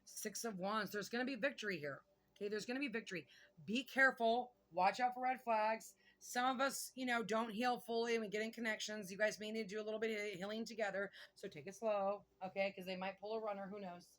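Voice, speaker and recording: A woman giving a casual tarot reading, chatty and excitable, thinking aloud and swearing now and then. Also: mid-range voice, brisk. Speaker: tarot reader.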